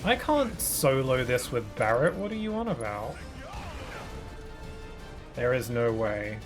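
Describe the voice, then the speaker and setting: A man's voice: mid-range voice, sing-song, slow pace, music in the background. A British man who streams games, chatting casually with his viewers in a rambling way, restarting his sentences often. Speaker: game streamer. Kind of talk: casual live-stream chat while gaming.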